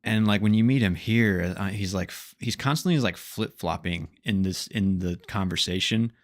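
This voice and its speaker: Low-voiced young guy rambling on a casual podcast, lots of likes. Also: moderate pace. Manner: rambling, acts out characters' lines in quotes. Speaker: podcast co-host. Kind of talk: casual TV recap chat.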